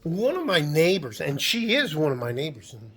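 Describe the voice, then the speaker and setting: A man's voice: on the high side, big pitch swings, normal speed, fairly bright tone, slightly rough. Rambling, profane man in his garage. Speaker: vlogger. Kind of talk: casual vlog monologue. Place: home garage.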